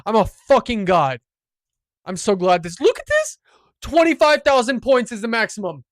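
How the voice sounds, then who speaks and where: A man's voice: high voice, moderate pace, dry recording. Hyped, boastful streamer man, dry sound. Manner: excitable, boastful and profane, swinging from shouting to muttering. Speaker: live streamer. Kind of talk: live gameplay commentary.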